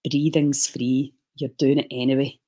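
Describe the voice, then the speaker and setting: A man's voice: medium pitch, level tone, normal speed, mellow, low-quality recording. A man leading a guided breathing session on a live stream, chatty and reassuring as he coaches.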